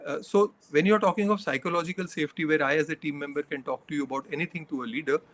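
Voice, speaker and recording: A man's voice: on the high side, very fast, fairly bright tone. A middle-aged man, a leadership coach, giving earnest interview answers that he builds from examples and numbered points.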